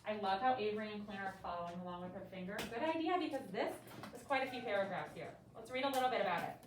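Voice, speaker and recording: A woman's voice: mid-range voice, racing, distant mic, noisy background. A young woman teaching a third grade reading lesson, quizzing pupils in an encouraging way, recorded from across the classroom. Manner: lively, encouraging questioning of pupils. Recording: echoey classroom from afar. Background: faint classroom ambience.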